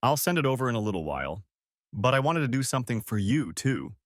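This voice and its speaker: A man's voice: medium pitch, big pitch swings, fast, no room sound, clean studio sound, lightly acted. A man voicing a friendly, chatty young neighbor woman in a storybook reading.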